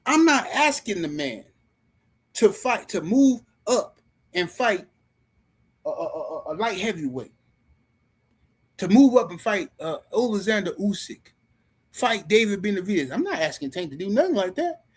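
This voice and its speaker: A man with a high, husky voice hosts a live stream and rants about boxing. He talks heatedly and in slang, speaking straight to his viewers. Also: big pitch swings, moderate pace, pauses often.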